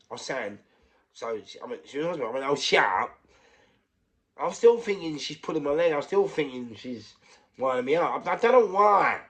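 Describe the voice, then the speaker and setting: A middle-aged man with a London accent, telling his own story casually, repeating phrases and swinging between hushed and loud. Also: mid-range voice. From England.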